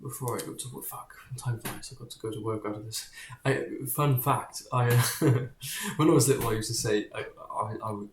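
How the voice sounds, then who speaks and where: A man in a mid-pitched voice talks straight to camera in a loose, wandering monologue, jumping between tangents and swearing bluntly. His voice bounces around a bare, echoey room. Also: normal speed, background noise. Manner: digressive, keeps drifting off topic, blunt and profane. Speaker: vlogger. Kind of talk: casual rambling monologue to camera.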